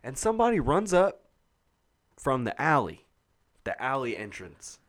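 A man's voice: medium pitch, wildly swooping pitch, unhurried, fairly bright tone. A man co-hosts a podcast in loose, joking banter, cursing freely. His voice sits in a middle range. He keeps the talk rolling like a laid-back hangout with a friend. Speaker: podcast co-host. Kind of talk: casual podcast chat.

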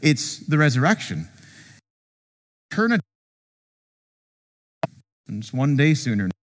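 A man preaching a sermon as pastor, conversational and animated, joking with the congregation and acting out quotes. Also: medium pitch, slow pace, big-room sound. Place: church sanctuary.

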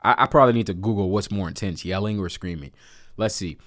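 A man's voice: on the low side, fast, no echo, studio quality. A man casually telling a personal story with jokes, often breaking into laughter. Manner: animated, joking, laughs between lines.

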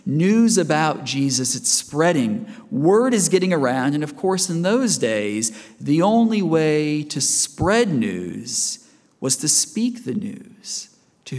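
A man's voice: fairly high pitch, vocal fry, darkish tone. A man preaching a sermon in a church, conversational and asking the congregation questions as he goes. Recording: reverberant church hall.

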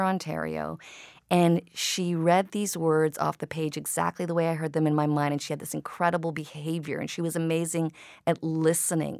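Low-pitched woman filmmaker chatting in an interview, thoughtful, dry sound. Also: vocal fry, no room sound. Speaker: filmmaker guest. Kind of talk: interview conversation.

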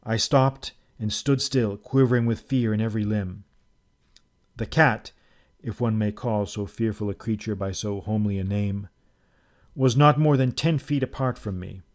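A man narrating a first-person story aloud in a measured, dramatic reading. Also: lowish voice. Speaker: audiobook narrator.

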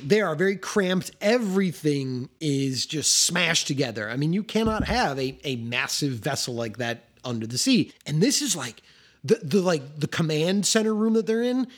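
Lively, husky-voiced podcast host man. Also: fairly high pitch. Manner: animated, swearing, many fillers. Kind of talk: casual film discussion.

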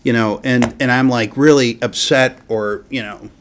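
A man's voice: mid-range voice, fairly even intonation, normal speed. A man hosting a casual faith conversation, talking animatedly and rambling with frequent restarts.

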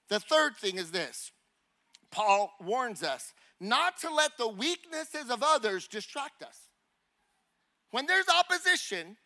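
Man, preacher, sermon, very high voice, bright, conversational, rhetorical questions, acts out scenes. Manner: acts out little scenes and honking noises.

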